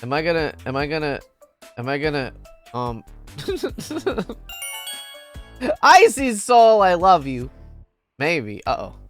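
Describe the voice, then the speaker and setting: A giggly man chats casually on a game livestream, his voice bouncing up and down in a lively way. He talks slowly and playfully. Faint music plays behind him. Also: a little high. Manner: playful, giggly, greets chatters by name. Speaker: game streamer.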